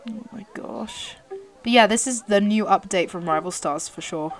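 A young British woman giving excitable commentary while playing a horse racing game, urging her horse on. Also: medium pitch, normal speed. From Britain. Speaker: gaming YouTuber. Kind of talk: live gameplay commentary.

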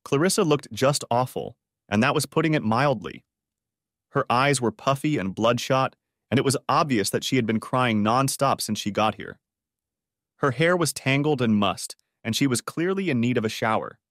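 A man narrating a first-person story audio book in a steady, matter-of-fact way. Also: mid-range voice, normal speed, no room sound, clean studio sound. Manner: steady, matter-of-fact, stern when confronting.

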